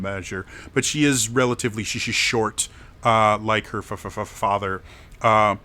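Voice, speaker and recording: A man's voice: lowish voice, bright, forceful tone. A man running a tabletop game as game master, narrating with a heavy stutter on the first sounds of words.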